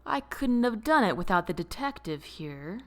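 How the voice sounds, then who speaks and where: A woman's voice: mid-range voice, normal speed. Woman doing a smug corrupt judge. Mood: smug calm. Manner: calm, contemptuous. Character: corrupt smug male judge, calm and wicked.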